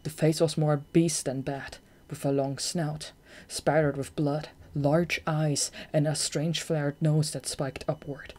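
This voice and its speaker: An audiobook reader narrating a fantasy novel chapter in a steady, even storytelling manner. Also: mid-range voice, slow, few pauses. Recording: home-recorded audiobook.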